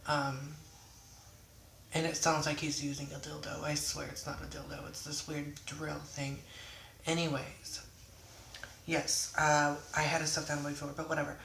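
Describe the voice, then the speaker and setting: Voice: mid-range voice, completely flat delivery, normal speed, creaky, fairly bright tone, a little hiss or hum. A young adult in their twenties telling a storytime vlog in a rambling, casual way, often swearing and then apologizing. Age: 20s. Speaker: vlogger. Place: indoors at home. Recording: echoey room.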